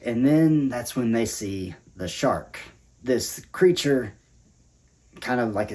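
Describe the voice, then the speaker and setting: A man's voice: mid-range voice, a little mellow. A man giving a casual spoken movie review, laid-back and conversational, with dry asides.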